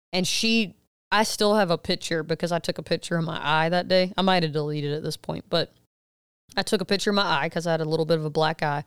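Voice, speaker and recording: A woman in her thirties co-hosting a podcast, retelling a story in casual chat and acting out quotes with loud, cursing outbursts. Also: fairly low pitch, fast talker, clean tone, dry recording, clean studio sound. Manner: animated retelling with loud acted quotes and swearing. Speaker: podcast co-host.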